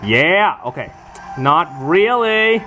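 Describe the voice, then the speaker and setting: An excitable gamer talks through their own match in casual let's-play commentary, jumping between short, broken phrases. The pitch leaps up and down a lot, and they swear and laugh easily. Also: takes it slowly, soft background music.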